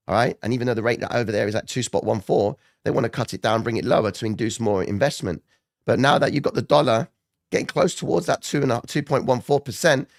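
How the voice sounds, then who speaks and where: A man doing casual live market commentary who keeps checking in with viewers, his voice rougher than usual. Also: medium pitch, dry recording, studio quality. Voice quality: gravelly, not his normal voice. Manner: chatty, addresses viewers directly, frequent "okay?" and "right?".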